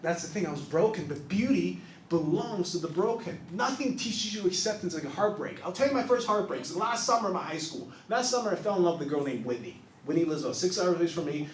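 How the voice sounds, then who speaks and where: A man in his thirties doing a stand-up set on a small club stage, telling confessional stories that swing from soft asides to loud punchlines. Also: on the high side, lively intonation, fast talker, a little hiss or hum. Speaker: stand-up comedian. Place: small improv club stage, live audience. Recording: roomy club sound from a distance.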